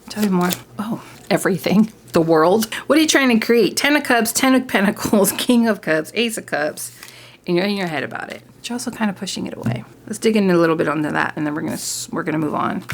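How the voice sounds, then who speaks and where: Woman, tarot reader, chatty, animated, gravelly. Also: mid-range voice. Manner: chatty, animated, talks straight to viewers. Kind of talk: casual tarot reading.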